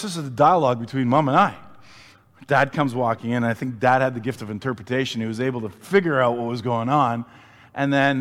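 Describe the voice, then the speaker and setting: A man preaching a sermon, an animated storyteller who asks the congregation questions. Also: mid-range voice, moderate pace, long reverb tail. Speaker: pastor.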